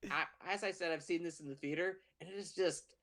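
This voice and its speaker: A man co-hosts a podcast in casual chat, building up his stories with animated energy and plenty of swearing. His voice sits a little higher than most men's. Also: a little fast. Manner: animated storyteller, profane, acts out scenes. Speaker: podcast co-host.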